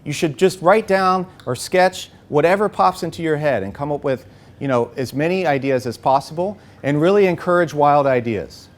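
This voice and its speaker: A man leading a live workshop, coaching the group with an energetic manner and frequent "okay?" and "right?" check-ins. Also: fairly high pitch, moderate pace. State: a bit out of breath. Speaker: workshop facilitator. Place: workshop room.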